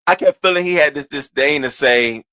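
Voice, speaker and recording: Animated man telling a story casually. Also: fairly high pitch, brisk, clear, resonant tone, dry recording. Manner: animated, restarts and stammers, swings into quoted voices. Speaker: streamer recounting online drama.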